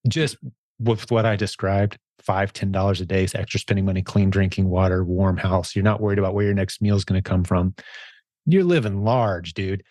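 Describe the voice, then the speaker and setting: Male host, low voice, punchy conversational delivery, dry close sound. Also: normal speed, a little mellow, no room sound. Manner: emphatic, says "dude" a lot. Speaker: podcast host. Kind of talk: casual interview chat.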